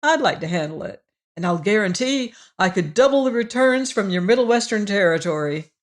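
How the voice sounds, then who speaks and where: A woman's voice: mid-range voice, lively intonation, brisk, natural voice. A woman voicing a shrewd, fat, middle-aged male salesman in an audiobook, jovial and earnest, with blustering salesman talk. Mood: jovial pitch. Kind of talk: audiobook character reading.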